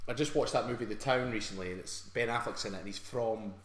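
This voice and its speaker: A man's voice: medium pitch, fast talker. A Scottish man co-hosting a casual live stream as a fitness coach, bantering and laughing a lot. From Scotland. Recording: roomy echo.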